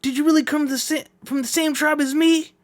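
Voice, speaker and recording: An angry tribal warrior, played by a man reading a manga aloud, yelling in a high, strained voice. He shouts orders and accusations in alarm, raised well above the reader's own pitch, close and dry. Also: fairly even intonation, fast, no echo. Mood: frantic. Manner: shouting, frantic. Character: angry male tribal warrior chasing a runaway.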